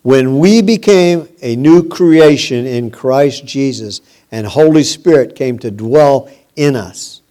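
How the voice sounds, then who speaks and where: A male preacher delivers a sermon at an unhurried pace. His voice is warm and dark in tone, with emphatic repetition and phrases that trail off quietly. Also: medium pitch. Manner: slow, emphatic preaching with repeated phrases and dropping voice.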